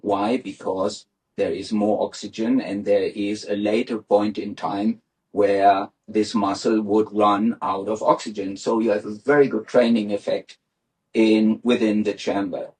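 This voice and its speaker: Brief: male guest, lowish voice, patient step-by-step explainer, slight noise behind. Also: flat delivery, unhurried, a little mellow, low-quality recording. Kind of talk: explanatory interview talk.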